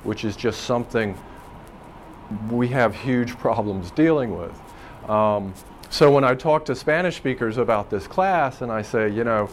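During a classroom lecture, a language professor with a mid-range voice talks through dialect differences loosely and thoughtfully, with plenty of ums and restarts. He's animated yet unhurried, and there's slight background noise.

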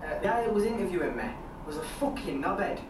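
A man putting on a rough, foul-mouthed hard man who boasts and swears, heard from a video played through room speakers. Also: high-pitched, animated, quick pace, reverberant, distant mic, noisy background, voice pushed up. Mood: boastful.

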